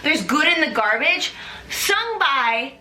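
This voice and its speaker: A woman with a high, piercingly bright voice hosts a casual chat. She gushes and rambles excitably, piling on fillers as she goes. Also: slow pace, roomy sound. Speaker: host. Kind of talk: casual recap talk.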